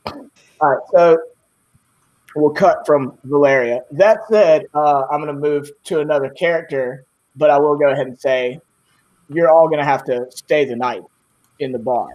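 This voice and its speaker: A man's voice: on the high side, moderate pace, long pauses, a little mellow, lo-fi sound. A man narrating as game master of a tabletop game, rambling with many fillers.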